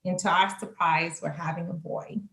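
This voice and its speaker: A woman telling a personal testimony casually, animated, acting out the voices in her story and laughing often. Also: lowish voice, moderate pace, reverberant. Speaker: church member sharing testimony.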